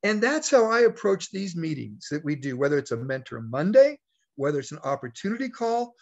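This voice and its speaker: A man with a slightly high voice leads a motivational talk, telling a personal story in a folksy way. He acts out the lines of the people in it. The audio is dull and lo-fi. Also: big pitch swings, brisk. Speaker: network marketing leader.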